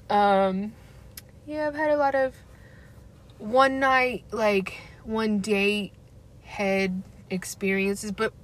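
A woman's voice: medium pitch, fairly bright tone. A young woman ranting candidly, blunt and profane and laughing often. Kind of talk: candid casual rant.

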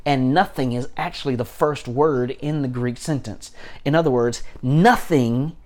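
A man's voice: mid-range voice, steady tone, normal speed, a little mellow. A man, a pastor, preaching a sermon with emphatic repetition and frequent restarts.

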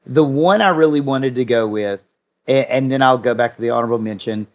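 A man's voice: medium pitch, brisk, highs cut off. A man co-hosting a casual podcast chat, chatty and self-deprecating, often tripping over his words. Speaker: podcast co-host.

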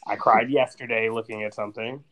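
A man with a somewhat low voice, chatting on a podcast. He rambles through a personal story with constant fillers and "like" in a casual, conversational way. Sounds like a guy in his thirties. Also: steady tone, brisk, highs cut off. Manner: rambling storytelling, heavy use of "like". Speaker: podcast co-host.

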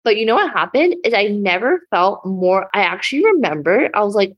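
A woman's voice: medium pitch, sing-song, a little fast, few pauses, husky. A young woman hosting her own podcast, talking in a bubbly, effusive, casual way with lots of "like" as a business coach.

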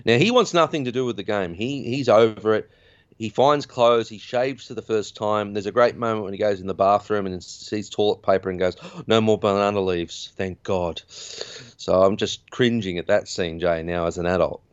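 A man's voice: lowish voice, moderate pace, dry recording, highs cut off. A man hosting a podcast, recapping a film in a chatty, rambling way. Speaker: podcast host. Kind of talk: casual film recap chat.

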